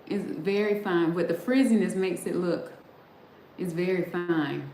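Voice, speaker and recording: A woman's voice: lowish voice, a little slow, mellow. A middle-aged woman hosting a livestream, chatting casually and straight to her viewers, laughing often as she talks. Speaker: livestream host. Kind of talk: casual chat with live viewers. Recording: roomy sound with faint background noise.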